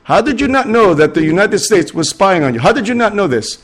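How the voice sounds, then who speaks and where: A man's voice: high voice, sing-song, a little fast, voice pushed up. A man doing an exasperated conference delegate. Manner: scolding, incredulous, talking down.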